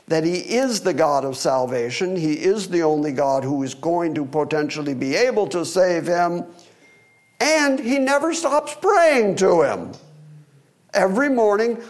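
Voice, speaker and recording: Man teaching Scripture, slightly high voice. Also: darkish tone. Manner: earnest, expository, with emphatic rising questions; wry aside about holding the microphone. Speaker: Bible teacher. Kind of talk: verse-by-verse Bible teaching. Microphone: microphone.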